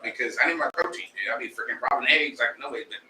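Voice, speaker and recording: A man co-hosting a casual chat show, loud and excitable, swearing freely. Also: medium pitch, very fast. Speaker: co-host. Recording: roomy and distant with faint noise.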